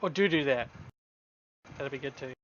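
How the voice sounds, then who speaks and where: A man running a tabletop game, calmly explaining rules to players. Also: medium pitch, moderate pace, muffled recording. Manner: calm, matter-of-fact rulings. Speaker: game master. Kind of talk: casual tabletop game chat.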